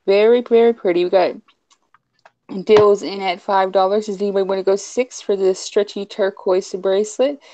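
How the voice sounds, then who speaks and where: A woman calling bids on a live online jewelry auction, brisk and chatty, repeating prices and urging viewers to type their numbers. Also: mid-range voice, fairly even intonation, mellow. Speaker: auctioneer co-host.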